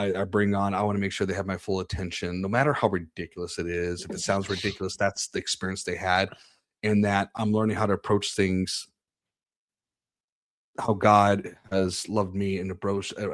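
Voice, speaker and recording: Low-voiced guy, candid about faith, lots of i-i-i restarts, earnest. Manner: earnest, halting, many restarts and repeated words. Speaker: podcast host being interviewed.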